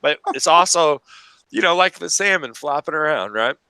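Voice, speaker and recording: A man's voice: fairly high pitch, lively intonation, normal speed, bright, forceful tone, clean tone, dry recording. A man hosting a casual interview, joking and teasing his guest with wry humor. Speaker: interview host.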